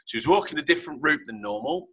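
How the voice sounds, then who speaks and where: A man hosting a podcast in a chatty, jokey way and laughing loudly. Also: on the high side, lively intonation, fast talker, breathy edge, no echo. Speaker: podcast host. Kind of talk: casual podcast chat.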